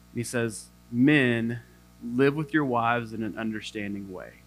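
A man's voice: mid-range voice, pushed and bright. A young adult male pastor giving a sermon, telling a self-deprecating story with humor.

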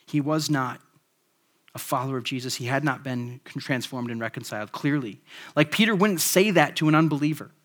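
A man's voice: mid-range voice, fairly quick, a bit bright. A man preaching a sermon in a casual, conversational way, with frequent "like" and "right?" tag questions. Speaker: pastor.

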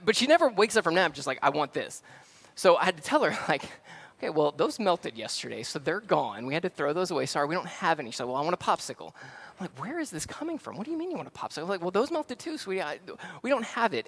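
A man preaching as a pastor in a relaxed, conversational way, telling a story full of fillers and restarts. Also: a little high. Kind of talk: sermon.

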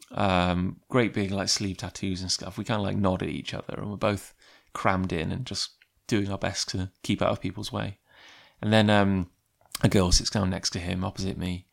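Male storyteller, low gravelly voice, casual rambling anecdote delivery. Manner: rambling, chatty, with frequent fillers. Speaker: comic creator.

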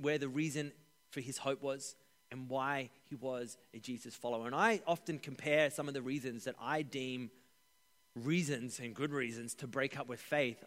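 A man preaching a sermon as pastor, with an animated delivery that rises for emphasis and drops to a hush on key points. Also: mid-range voice. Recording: echoey hall.

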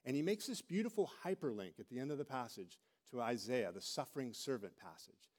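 A middle-aged man preaching a sermon as a pastor, telling stories with animated delivery and acting out quoted voices. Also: mid-range voice, a little fast.

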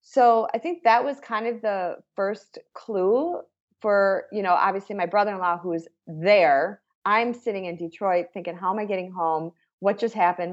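Middle-aged woman, lowish voice, heartfelt halting storytelling, slightly dull lo-fi sound. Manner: emotional, halting retelling with self-corrections. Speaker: interviewee. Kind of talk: personal storytelling.

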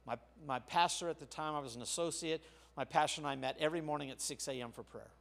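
An older male pastor preaching a sermon, telling a personal story with sharp shifts between quiet and loud. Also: a little high, quick pace, gravelly. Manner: storytelling, with big swings of loudness.

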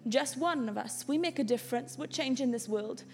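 A woman's voice: high-pitched, normal speed, a little hiss or hum. A woman pastor, preaching an earnest sermon to her church that builds to impassioned exhortation. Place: church hall.

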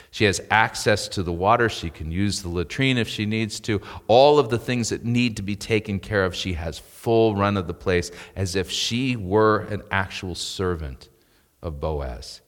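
A man with a somewhat low voice preaches a sermon, moving between scripture reading and lively asides and rhetorical questions to the congregation. His voice carries a long reverb from a church hall. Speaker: pastor.

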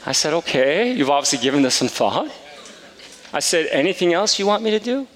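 A middle-aged man preaching a sermon, telling a personal story in a casual, animated way with many fillers. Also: a little high, a little fast. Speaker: pastor. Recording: long hall reverb.

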